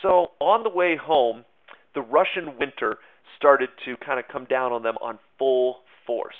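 A man's voice: medium pitch, a little slow. A man teaching history in a loose, conversational way, full of fillers and hedges. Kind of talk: casual history lesson. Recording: tinny phone-like sound.

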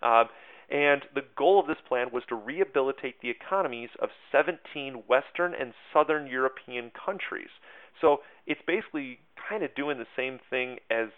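A man's voice: medium pitch, moderate pace. A man giving a casual history lesson, chatty and self-mocking, with lots of fillers and asides. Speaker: teacher. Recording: tinny phone-like sound.

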